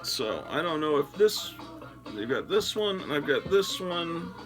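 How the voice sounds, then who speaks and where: An older man chats on and on in a loose, rambling way, poking fun at himself. His voice sits a bit high and has a gravelly rasp. Music plays clearly behind him, and he records on a phone. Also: very animated, unhurried, poor audio. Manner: rambling, chatty, self-deprecating. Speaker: host. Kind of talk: casual solo chat while sorting comics.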